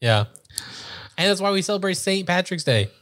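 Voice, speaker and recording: A man's voice: high voice, sing-song, moderate pace, a bit bright. A young American man in casual chat, joking and teasing, acting out quotes. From United States.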